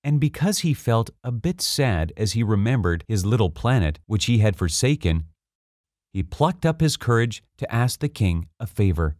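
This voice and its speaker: Measured and expressive, a lowish-voiced man narrates an audiobook. It's a clean, dry studio recording.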